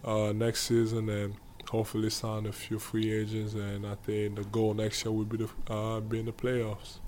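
A man with an African accent, answering interview questions casually and pausing often to find his words. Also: on the low side, completely flat delivery, a little mellow, slight background noise. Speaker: guest basketball player.

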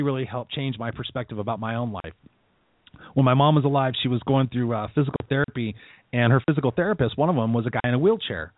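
A middle-aged man hosting a motivational radio show, telling stories in a casual, animated way and acting out the voices of people he quotes. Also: medium pitch, dry recording. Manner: animated storytelling, acts out quoted lines, casual swearing. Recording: dry, phone-like narrow sound.

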